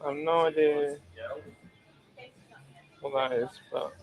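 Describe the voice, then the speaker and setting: A man's voice: fairly high pitch, flat delivery, slow pace, lo-fi sound. A British man hosting a live stream from a brewery taproom, chatting casually, joking and greeting viewers by name as he reads their comments. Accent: British English. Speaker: stream host and taproom bartender. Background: crowd chatter.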